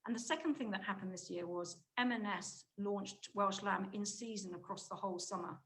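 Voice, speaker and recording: Woman presenting at a conference, mid pitch, quick emphatic delivery, restarts a lot. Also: a bit bright, low-quality recording. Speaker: conference speaker, market insight director.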